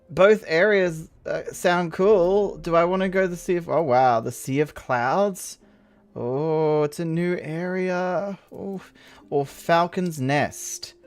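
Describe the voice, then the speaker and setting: A man casually commenting on his online game session, rambling and excited, with frequent restarts. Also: fairly high pitch. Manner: rambling, enthusiastic, many restarts. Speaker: gaming video host. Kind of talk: casual let's-play commentary.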